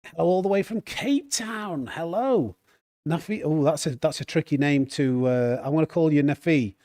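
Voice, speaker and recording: A man's voice: fairly high pitch, moderate pace, dark tone, dry recording, studio quality. A man chatting casually on a live stream, reading chat and restarting his sentences often. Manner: chatty, reads chat aloud, frequent restarts and fillers.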